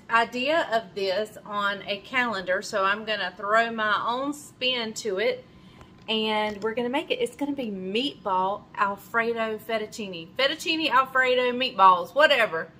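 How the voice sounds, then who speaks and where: A woman's voice: on the high side, pushed and bright, slight background noise. A woman hosting her own cooking show from her home kitchen, chatting casually as she cooks, with plenty of fillers and self-corrections. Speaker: cooking channel host.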